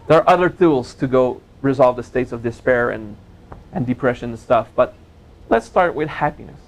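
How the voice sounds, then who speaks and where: A man teaching a spiritual seminar in a gentle, playful way, joking with his audience and laughing at his own jokes. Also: medium pitch, moderate pace, rough recording. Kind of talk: relaxed seminar talk.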